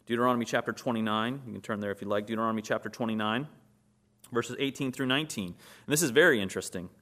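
A man's voice: fairly low pitch, quick pace, bright, forceful tone. A man preaching a sermon, who asks his listeners questions, answers them himself and acts out short scenes in quoted voices.

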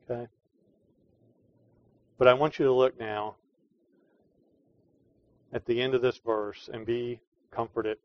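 A man's voice: medium pitch, steady tone, slow, long pauses, no room sound. Earnest preaching man, dull dry sound. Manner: earnest preaching, swings from soft to emphatic. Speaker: pastor. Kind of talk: sermon.

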